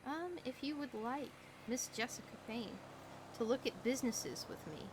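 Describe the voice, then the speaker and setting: A woman's voice: a little high, animated, moderate pace, noisy background. A tired woman chatting in character during a roleplay stream, wry and blunt, swearing casually. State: tired late at night.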